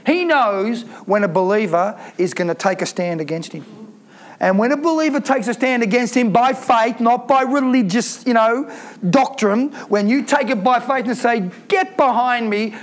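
A man preaches an emphatic sermon, calling out to his congregation for responses. His voice sits very high for a man. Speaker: pastor.

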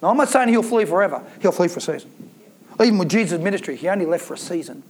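A man preaches an emphatic sermon, calling out to his congregation for responses. His voice sits very high for a man. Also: animated, very fast, darkish tone. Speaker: pastor.

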